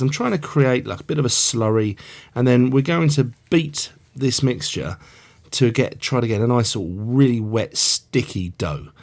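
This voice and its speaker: A man's voice: medium pitch, vocal fry, darkish tone. A man hosting a casual cooking tutorial, chatting along with rambling asides. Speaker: cookery show host.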